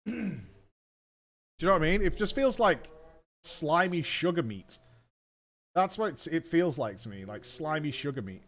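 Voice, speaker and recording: A man's voice: on the high side, animated, unhurried, long pauses, fairly bright tone. A man in his thirties, a streamer rambling in casual chat, reading out a menu with frank asides and the odd swear. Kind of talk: casual chat while gaming.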